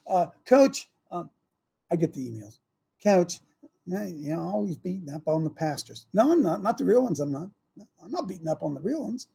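A man hosts a talk show with a husky, rather high voice. He rambles and repeats himself. He swings from loud outbursts to hushed asides. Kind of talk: fiery talk show monologue.

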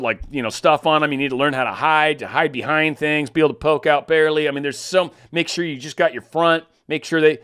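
A man in his fifties talks through political news in a blunt, loose way. His pitch sits in an ordinary middle range, and his sentences often wander and restart. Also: fairly bright tone, clean tone. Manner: blunt, rambling, with frequent restarts. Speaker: political commentary host. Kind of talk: casual unscripted commentary.

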